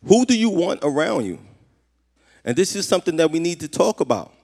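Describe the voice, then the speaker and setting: A man's voice: fairly high pitch, sing-song, fairly quick, creaky, a little mellow. A man preaching a sermon as a pastor, earnest, often repeating questions to his congregation. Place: church. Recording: reverberant hall.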